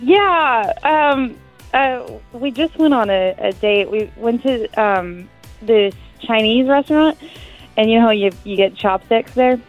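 A woman's voice: on the high side, unhurried, muffled recording, soft background music. A woman calling in to a radio show, telling her story hesitantly with many fillers and laughs. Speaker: caller. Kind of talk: phone call on radio.

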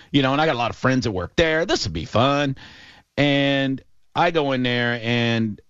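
A man hosting a sports talk show, telling a long story in a casual, animated way with lots of fillers. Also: medium pitch, moderate pace, clean tone, no echo. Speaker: radio show host. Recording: dull, lo-fi and dry.

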